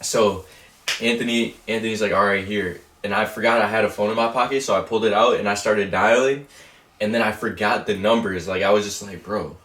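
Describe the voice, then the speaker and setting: A young man telling a story in casual chat, rambling and animated with lots of fillers. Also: lowish voice, a little fast, slight background noise. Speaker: co-host. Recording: roomy echo, mic at a distance.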